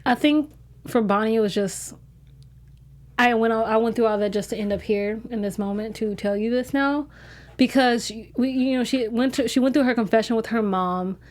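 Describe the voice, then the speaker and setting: A woman's voice: on the high side, normal speed, a little mellow. Candid woman co-hosting a TV recap. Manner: candid, emotional, restarts often. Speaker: co-host. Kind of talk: casual TV recap chat.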